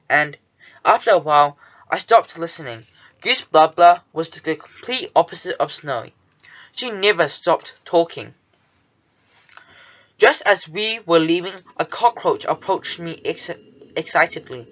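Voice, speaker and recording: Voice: medium pitch, expressive, a little slow, a bit bright, dull audio. A reader narrating a children's storybook in the first person, with a nervous, fussy manner. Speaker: audiobook narrator.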